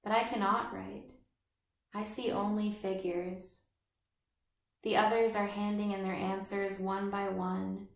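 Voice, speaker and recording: A woman's voice: mid-range voice, level tone, creaky. A woman reading as a timid dreamy schoolgirl. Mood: fearful. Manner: measured literary reading. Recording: roomy echo.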